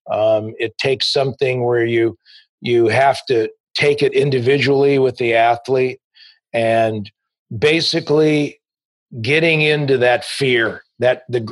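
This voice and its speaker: A man's voice: medium pitch, no echo. A man, a sports agent, telling an anecdote in an interview and acting out both sides of phone calls with a client. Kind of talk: interview storytelling.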